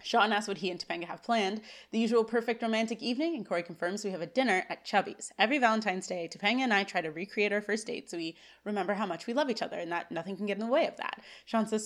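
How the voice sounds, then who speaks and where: A young woman co-hosting a podcast, recapping a TV episode in casual chat and reading dialogue aloud with animated bursts. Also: medium pitch, fast, few pauses. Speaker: podcast co-host.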